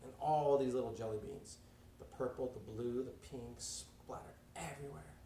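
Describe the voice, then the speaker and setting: A man's voice: mid-range voice, normal speed, vocal fry, mellow, roomy sound, far from the mic, a little hiss or hum. A man telling an improvised story in a casual, rambling way with lots of filler words. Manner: rambling, filler-heavy narration.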